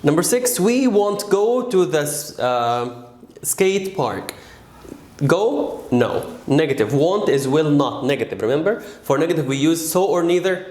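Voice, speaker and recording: A man teaching an English grammar lesson, patient and stressing key words slowly. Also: a little high, animated, a little mellow, echoey room.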